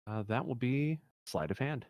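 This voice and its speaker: A man's voice: mid-range voice, expressive, moderate pace, darkish tone, no room sound, clean studio sound. A man narrating a tabletop game as game master, hesitant with many fillers. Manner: hesitant, lots of uh and um.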